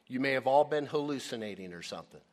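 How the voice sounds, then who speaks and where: A stubborn, skeptical apostle, as a preacher puts him on, firmly refusing to be convinced. His manner is blunt and defiant, with each demand pushed out louder. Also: mid-range voice, expressive, fast talker, close to an everyday voice.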